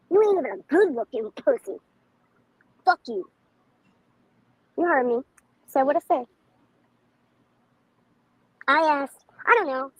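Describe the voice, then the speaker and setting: Brief: angry, profane livestream woman, twang, shrill and swooping. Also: no echo, low-quality recording. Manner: profane, heated, confrontational. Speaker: livestream commentator.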